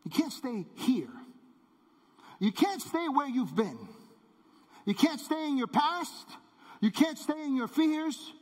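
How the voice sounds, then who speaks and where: A man preaching a sermon as pastor, emphatic and repetitive, dropping low on key words. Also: lively intonation, takes it slowly, pauses often. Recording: long hall reverb.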